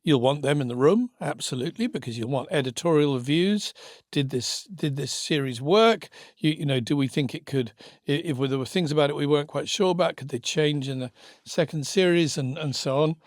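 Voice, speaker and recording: A middle-aged man in casual podcast chat, his voice sitting a touch high for a man. He talks in a reflective, anecdotal way, recorded close and dry with no room sound. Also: fairly quick, no echo. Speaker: podcast co-host, former TV commissioner.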